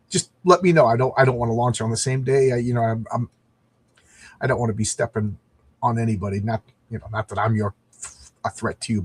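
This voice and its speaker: A man's voice: medium pitch, breathy edge, no echo. A middle-aged man chatting casually as he reviews a comic book, rambling and reading panels aloud.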